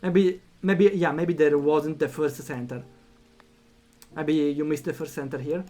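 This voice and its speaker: A man streaming a story game, reading the text aloud and reacting with animated commentary. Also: fairly high pitch, a little slow. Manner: animated, reacts out loud, thinks aloud with fillers.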